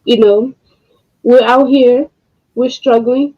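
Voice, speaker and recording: A woman speaks slowly, with pauses, her voice close to tears and full of frustration. She swears bluntly and keeps coming back to the same point. The recording is dull and lo-fi. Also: on the high side, steady tone. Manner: frustrated, halting, profane. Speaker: co-host. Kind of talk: emotional commentary.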